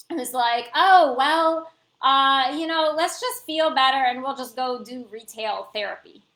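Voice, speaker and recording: A woman chatting casually to her viewers, filling her talk with fillers and little laughs. Her voice sits a bit high and rings bright. The sound carries the echo of a roomy space. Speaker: self-help vlogger.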